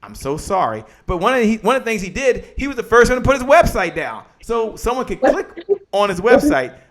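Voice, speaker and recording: A man hosts a live business show with high, revved-up energy. His voice sits a little above the usual male pitch. He repeats his lines like a preacher working a crowd. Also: a little fast. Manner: energetic, repetitive, preacher-like chanting. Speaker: host. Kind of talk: motivational live show hosting.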